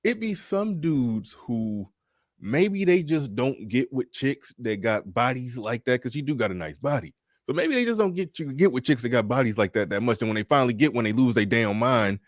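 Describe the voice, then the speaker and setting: A man's voice: mid-range voice, lively intonation, moderate pace, dry recording, clean studio sound. A man talking in a laid-back, slangy way during a casual reaction chat.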